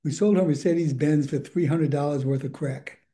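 Older male recovery speaker, very mellow dark tone, slightly high pitch, candid and rambling. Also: normal speed. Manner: candid, rambling, chuckles often. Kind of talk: personal recovery share.

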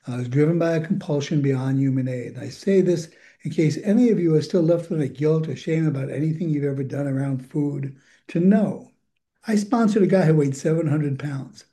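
A man's voice: a little high, brisk, dark tone. An older man giving a candid, rambling recovery share, chuckling often as he talks. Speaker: recovery program speaker.

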